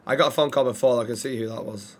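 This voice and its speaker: A man streaming game roleplay as a restaurant manager, animated and swearing. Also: medium pitch, quick pace, slight background noise. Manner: animated, swearing, mock-stern.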